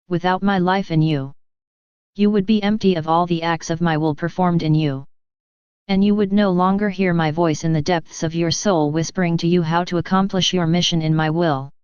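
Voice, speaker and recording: A reader voicing Jesus as a calm, loving divine man, in a slow, measured devotional reading on a dull, lo-fi recording. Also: medium pitch, clean tone, no room sound, natural voice. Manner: slow, solemn, measured delivery.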